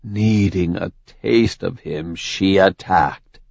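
A man reads a dark fantasy novel aloud at an unhurried, measured pace, his voice on the low side. The recording is dry and close, with a slightly dull tone. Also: vocal fry, no room sound. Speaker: audiobook narrator. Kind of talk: scripted fantasy narration.

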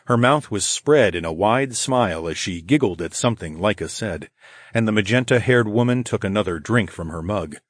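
A man narrating a story in the first person, calm and measured, as an audiobook narrator. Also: fairly low pitch, no room sound, clean studio sound.

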